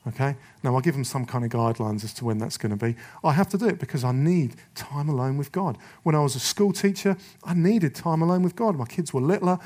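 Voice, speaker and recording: A middle-aged man preaching a rallying sermon to men, forceful and urgent, slipping into little voices to act out excuses. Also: on the high side, fast talker, hardly any pauses.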